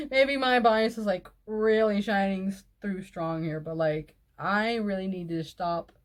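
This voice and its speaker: A woman's voice: mid-range voice, slow pace. Woman host, mid-range voice, casual post reading with blunt, exasperated asides and frequent laughter. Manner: outspoken and exasperated, swears, laughs often between remarks. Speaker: online video host reading reader posts. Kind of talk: reading posts aloud and reacting with casual commentary.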